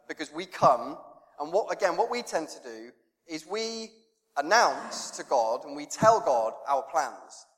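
A male pastor preaching a sermon in a conversational, self-deprecating way, acting out prayers and children's chatter. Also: fairly high pitch. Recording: long reverb in a church hall.

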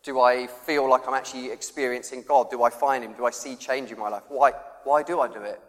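A man's voice: medium pitch, steady tone, brisk, fairly bright tone. A man preaching a conversational sermon, acting out quoted voices and laughing often. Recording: long reverb of a church hall.

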